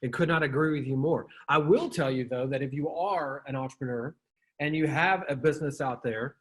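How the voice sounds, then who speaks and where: A man's voice: medium pitch, fairly quick. A man hosting a casual interview, talking emphatically and bluntly with plenty of swearing and slang. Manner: emphatic and blunt, with frequent swearing and "dude", "bro". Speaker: podcast host.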